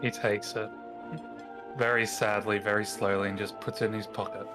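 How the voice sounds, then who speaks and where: Low-voiced man playing a tabletop game. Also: level tone, normal speed, over music. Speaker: player. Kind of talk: describing his character's actions.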